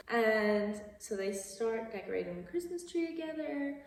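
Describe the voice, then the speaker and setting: A woman's voice: a little high, lively intonation, moderate pace, hardly any pauses. Chatty young woman, echoey and distant. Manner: chatty, many "like"s and asides, laughs often. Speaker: video creator. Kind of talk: casual movie plot recap. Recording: echoey hall from far off.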